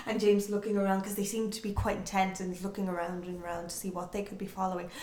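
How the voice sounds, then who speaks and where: A woman's voice: medium pitch, fast talker. A woman telling a folk tale to friends, acting out the characters' voices with lots of energy. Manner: lively, acts out voices, laughs often. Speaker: storyteller. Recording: roomy echo.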